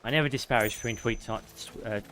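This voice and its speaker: Man, British accent, game streamer, casual live commentary, swears a lot, mid-pitched voice. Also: quick pace, a bit bright. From United Kingdom. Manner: casual, chatty, swears freely. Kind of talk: live gameplay commentary, chatting with viewers.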